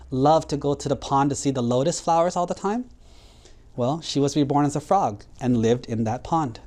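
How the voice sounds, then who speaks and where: A man's voice: medium pitch, darkish tone. Casual storytelling monk, a man. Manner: casual, conversational storytelling with fillers. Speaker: Buddhist monk. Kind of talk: storytelling sermon for kids.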